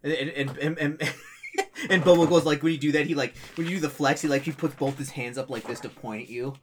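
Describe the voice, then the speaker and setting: A man's voice: fairly high pitch, a little fast, slight background noise. A man narrating as game master, rambling with many restarts and briefly acting out townsfolk.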